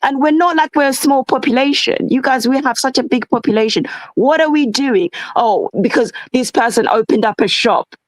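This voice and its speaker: Fervent, lecturing woman with a high voice. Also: moderate pace, hardly any pauses, no echo, low-quality recording. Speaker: guest. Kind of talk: impassioned discussion.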